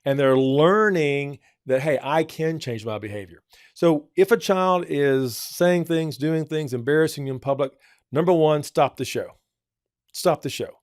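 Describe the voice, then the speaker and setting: A man's voice: a little high, measured pace, clear, resonant tone, no echo, clean studio sound. A man on a church program giving earnest parenting advice, often repeating his points for emphasis. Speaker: church family counselor. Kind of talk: advice talk.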